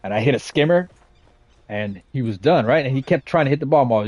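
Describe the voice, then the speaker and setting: Forties guy, mid-pitched, casual streetwise storyteller, swears freely. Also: animated, fast, no room sound, muffled recording. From west side of San Jose, California. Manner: slangy, streetwise and profane, with lots of "you know what I'm saying" and "right?". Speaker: gaming streamer.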